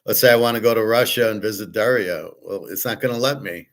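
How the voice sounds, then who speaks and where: A man's voice: on the low side, fast, few pauses. A man hosting a casual opinion monologue, blunt and profane, arguing with rhetorical questions. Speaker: host.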